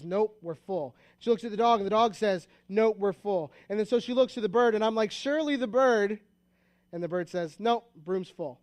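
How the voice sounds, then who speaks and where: A man's voice: sits high, dry recording. A man with an American accent preaching a sermon, telling the story in a conversational way with asides and restarts. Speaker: pastor.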